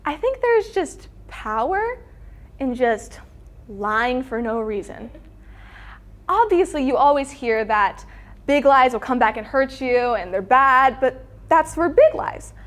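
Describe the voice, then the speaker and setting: A woman's voice: high-pitched, very animated, takes it slowly, fairly bright tone. A teenage girl performing a stand-up routine, acting out family members in different voices. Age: teens. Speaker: student comedian.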